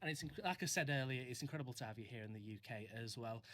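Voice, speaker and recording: A man's voice: mid-range voice, racing, sharp tone. A man with a Northern English accent hosting an interview, enthusiastic and full of praise. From north of England. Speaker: interviewer host.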